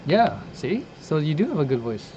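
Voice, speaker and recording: A man's voice: a little high, big pitch swings, normal speed, dark tone. A man co-hosting a casual podcast over a video call, chatting loosely and swearing now and then. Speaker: podcast co-host. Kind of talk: casual chat. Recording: lo-fi call audio with clear background noise.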